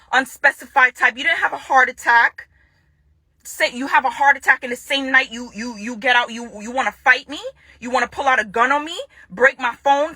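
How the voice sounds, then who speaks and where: A young woman speaks with a bright, tense edge and a fairly high voice, heard close and dry. She confronts her ex head-on in a furious public statement, hammering her points by repeating them. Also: breathy edge, dry recording. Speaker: woman addressing her ex-partner in a public video.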